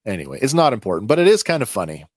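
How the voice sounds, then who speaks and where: A man hosting a podcast, recapping a TV episode in a conversational, halting way. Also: mid-range voice, wildly swooping pitch, husky, no room sound, clean studio sound. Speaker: podcast host.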